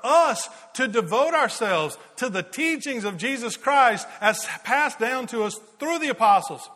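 Bright, high-voiced pastor in a reverberant hall. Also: male voice, measured pace. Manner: lively anecdotes, repeats words, giggles at his own stories. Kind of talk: sermon with storytelling. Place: large church worship hall. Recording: long reverb of a large hall.

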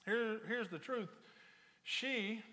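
High bright-voiced male preacher. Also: long reverb tail. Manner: storytelling, builds loud and high for anecdotes, drops low and slow for serious points. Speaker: pastor. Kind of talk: sermon.

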